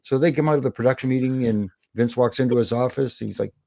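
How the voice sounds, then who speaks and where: A middle-aged man, a former wrestling referee, telling lively anecdotes as a podcast guest and slipping into the voices of the people in them. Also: mid-range voice, quick pace, creaky, no echo. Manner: animated anecdotes with quoted voices. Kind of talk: storytelling in a podcast interview.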